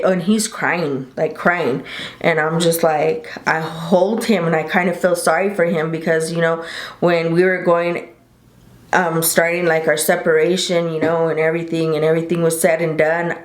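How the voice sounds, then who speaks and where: A woman in her thirties telling a rambling, chatty story to the camera, often correcting herself. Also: on the low side. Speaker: vlogger. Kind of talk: casual storytime chat. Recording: roomy home recording.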